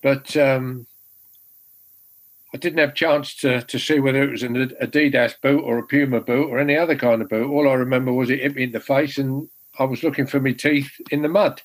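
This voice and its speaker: A man's voice: mid-range voice, fairly even intonation, brisk, rough recording. An older man, a former goalkeeper telling rambling, self-deprecating stories with many restarts. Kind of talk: casual anecdote telling.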